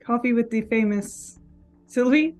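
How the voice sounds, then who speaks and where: A woman's voice: a little high, measured pace, darkish tone, faint music behind. A woman voicing characters as a tabletop game master, casual and wry, with hesitant restarts.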